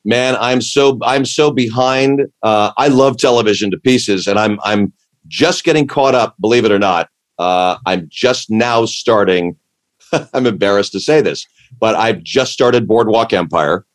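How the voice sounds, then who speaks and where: A man with a lowish voice chatting casually. He rambles and restarts his sentences, warmly enthusiastic as he goes. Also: a little slow. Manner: rambling, self-interrupting, enthusiastic. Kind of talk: casual chat.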